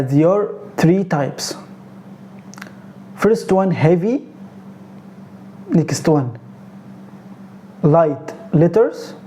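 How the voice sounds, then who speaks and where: A native Arabic-speaking man with an Egyptian accent leads a beginner pronunciation lesson. He talks very slowly and says each sound over and over, correcting common mistakes as he goes. His voice is soft and dark, and a faint background noise sits under it. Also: high voice. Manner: slow, repetitive drilling of sounds, corrective. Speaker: Arabic teacher.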